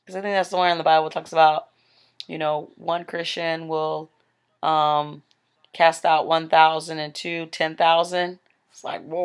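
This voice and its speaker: A woman's voice: sits low, smooth. Chatty woman recounting a vision. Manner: chatty, rambling, with frequent "like" and "um". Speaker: Christian speaker telling a vision. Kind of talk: casual spoken testimony.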